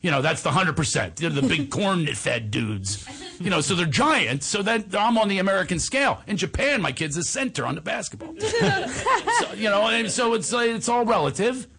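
A man's voice: high-pitched, big pitch swings, normal speed, sharp tone, a little hiss or hum. A middle-aged man telling comic, self-mocking anecdotes on a talk show, slipping into voices as he goes. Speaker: guest storyteller.

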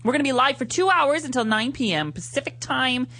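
A man hosting a live radio show in a studio, chatting in a casual, animated way and laughing often. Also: very high voice, fairly quick.

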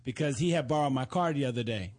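A man's voice: mid-range voice, fast talker, darkish tone. A man co-hosting a podcast, talking bluntly and swearing freely in casual banter. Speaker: podcast co-host.

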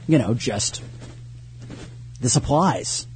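Husky, joking radio host man. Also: medium pitch, animated, takes it slowly. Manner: joking, playfully rambling. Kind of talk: casual on-air banter. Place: radio studio.

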